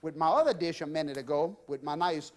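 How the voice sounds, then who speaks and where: A middle-aged man with a Louisiana drawl hosts a cooking demonstration from a home kitchen. His voice sits fairly high for a man. He is exuberant and folksy, chatting away and addressing viewers as "y'all". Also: fast, a little hiss or hum. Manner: folksy and exuberant, often says "y'all" and "I tell you". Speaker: TV cooking show host.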